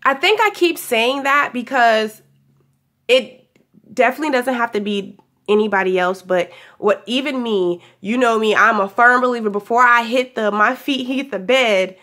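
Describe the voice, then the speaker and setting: A young woman with a high, bright voice talks warmly and chattily through a daily spiritual pep talk. Her voice is still a little hoarse as it recovers, and she laughs often, calling her listeners "honey." Casual and affectionate throughout. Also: moderate pace. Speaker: spiritual guidance vlogger.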